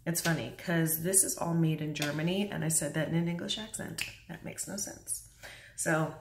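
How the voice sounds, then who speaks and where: A young woman chatting casually through an early-morning makeup tutorial at home, speaking softly at times. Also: deep voice, steady tone, fairly quick, a little hiss or hum. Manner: chatty, self-deprecating, talks quietly at times. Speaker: makeup vlogger. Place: home bathroom or bedroom at a mirror. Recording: echoey room, voice from a distance.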